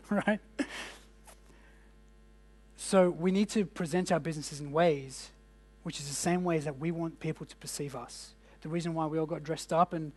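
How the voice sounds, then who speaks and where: Guy coaching a room full of business owners, high-ish voice, joking around, asking the crowd stuff, bit of mains hum. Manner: casual, jokey, asks the room questions. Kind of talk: workshop presentation to a live audience. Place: indoor event room.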